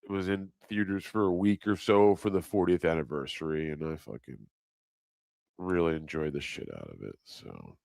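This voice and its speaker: A man's voice: sits low, lively intonation, normal speed, creaky, darkish tone, dry recording. A middle-aged man rambling crudely in a casual livestream chat, reading comments aloud and laughing at himself.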